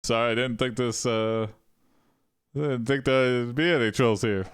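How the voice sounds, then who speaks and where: A man hosting a live stream of an interactive AI story, casual and crude, reading out his input slowly as he types. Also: mid-range voice, fairly even intonation, clean tone, dry recording, studio quality. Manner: drawn-out typing dictation, crude jokes.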